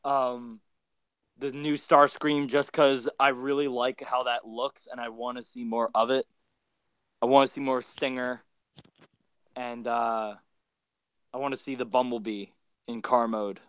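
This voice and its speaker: Smooth-voiced young man joking around. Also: medium pitch, level tone, a little slow, long pauses, fairly bright tone, no room sound. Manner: joking, swears, acts out bits. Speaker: podcast co-host. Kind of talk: casual chat.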